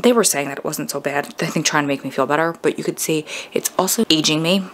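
A woman in her thirties chatting casually to the camera at home in a video diary, sometimes dropping to a hushed whisper. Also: low-pitched, fast, a little hiss or hum. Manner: chatty, self-narrating. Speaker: vlogger.

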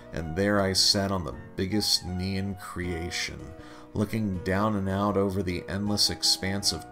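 A man reading a humorous memoir story aloud with a dry, deliberate, wry delivery. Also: low voice, a bit bright. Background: faint guitar music.

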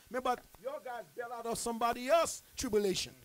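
Man preaching in a high voice, emphatic, streetwise. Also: fast talker, fairly bright tone. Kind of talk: sermon.

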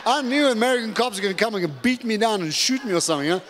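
Middle-aged African man, guest preacher, lively funny storyteller, highish pitch, echoing church hall. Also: quick pace, few pauses. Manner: animated, humorous storytelling. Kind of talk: testimony sermon. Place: church sanctuary. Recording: long reverb of a church hall.

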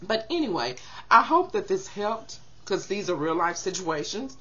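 Animated older woman vlogger, lo-fi audio. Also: medium pitch, normal speed. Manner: animated, expressive, laughs and acts out quotes. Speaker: vlogger giving zodiac advice. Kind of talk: casual chat to camera.

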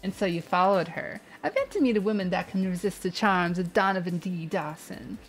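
Sleazy tough-talking newspaper boss, as a woman puts him on for a game read, gruff, faint music behind. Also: on the low side, animated, a little fast. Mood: crude. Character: brash sleazy middle-aged male news boss. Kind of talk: video game voice reading.

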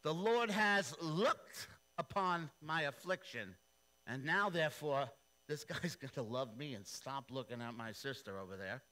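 A man's voice: a little high, expressive, measured pace, bright, forceful tone. A man voicing a hopeful, unloved young wife.

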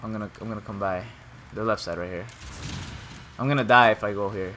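A young man giving casual, trash-talking commentary while he plays a shooter game, and he jumps up to shouting when things go wrong. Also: fairly low pitch, slight background noise. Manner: trash-talking, excitable, quick swings to shouting. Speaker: gameplay streamer. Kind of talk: casual live commentary over gameplay.

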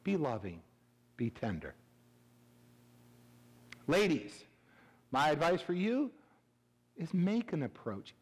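A middle-aged male pastor preaching a humorous sermon, animated and joking, swinging between loud bursts and hushed asides. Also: on the high side. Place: church sanctuary. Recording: reverberant church hall.

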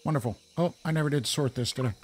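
A man's voice: medium pitch, fast talker, darkish tone, a little hiss or hum. A man casually commenting on his own gameplay, chatty and self-deprecating, talking to himself as he plays. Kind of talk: casual let's play commentary.

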